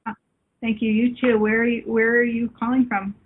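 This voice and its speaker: A woman hosting a spiritual call-in show, chatting warmly with callers and viewers and calling them love. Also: fairly high pitch, flat delivery, brisk, husky. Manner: warm, affectionate, calls people love. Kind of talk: live call-in talk with viewers. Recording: phone-like lo-fi line.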